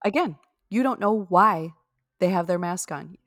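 Woman, podcast co-host, teasing and chiding, animated pitch, dry close mic. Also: a little slow, no room sound. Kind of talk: casual chat between spouses.

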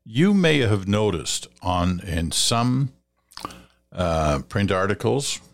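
A man with a very low voice hosts a radio feedback segment and works through listener letters. He talks in a measured, advising way, now and then pausing on fillers or restarting a phrase. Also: sing-song, vocal fry. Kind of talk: conversational radio commentary.

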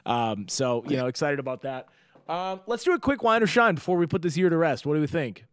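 A man's voice: fairly high pitch, expressive, smooth, dry recording. Casual podcast host, male, tenor-ish, rambling and jokey, dry close mic. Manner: rambling, jokey, quick asides.

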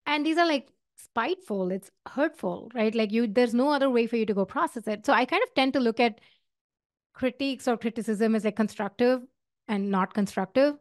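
Podcast host, woman, middle-aged, Indian accent, earnest and chatty, a bit high-pitched, dry sound. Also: fairly quick, dry recording. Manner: earnest, conversational with many fillers and restarts. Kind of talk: solo advice talk.

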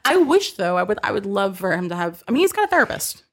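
A young woman co-hosting a podcast in casual chat, animated and swearing freely as she acts out what people say. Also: medium pitch, quick pace. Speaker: podcast co-host.

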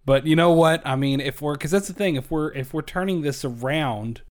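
A man from Kentucky co-hosting a podcast, riffing in animated, swearing casual chat. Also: fairly high pitch, normal speed. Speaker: podcast co-host.

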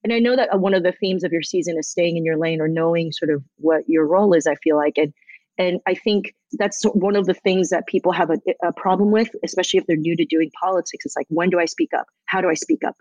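A woman's voice: fairly low pitch, fast, darkish tone, no echo, muffled recording. A woman guest telling a story in a casual interview, acting out quotes and swearing casually. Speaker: guest, comedian and activist.

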